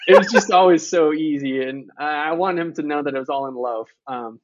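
A man's voice: on the high side, a little fast, no echo, dull audio. A man in his thirties, an author and podcast guest, telling candid stories in a casual conversation, with frequent profanity and quoted dialogue.

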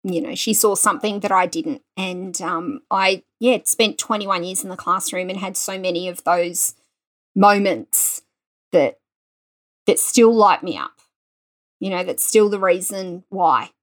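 A woman, a guest telling her story with lively, self-deprecating humor. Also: lowish voice, unhurried. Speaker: guest teacher educator. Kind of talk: conversational storytelling.

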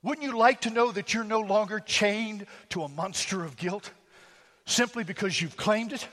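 A man with a notably high voice preaches a sermon, building his points through homely stories and rhetorical questions. His voice rings out in a hall with a long, lingering reverb. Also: moderate pace, fairly bright tone. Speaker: pastor.

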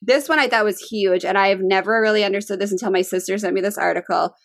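A woman's voice: medium pitch, quick pace, dry recording. A woman co-hosting a podcast, talking earnestly and casually through tips from an article, with frequent ums. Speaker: podcast co-host.

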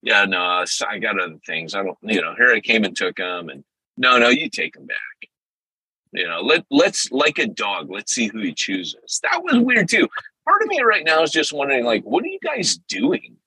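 A man hosting a podcast in casual chat, animated and full of quick impressions. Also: fairly low pitch, husky, no echo, poor audio. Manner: animated, jumps into impressions and loud exclamations. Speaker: podcast host.

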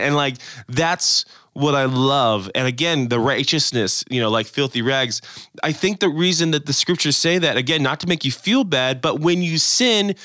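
Animated thirty-something man telling a story. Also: fairly high pitch, moderate pace, no room sound, clean studio sound. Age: 30s. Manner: animated storyteller, acts out others' lines. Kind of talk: casual faith chat.

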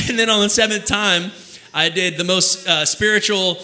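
Bright-voiced young pastor. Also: male voice, sits high. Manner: conversational storytelling, laughs at himself, slows down for emphasis. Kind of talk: sermon.

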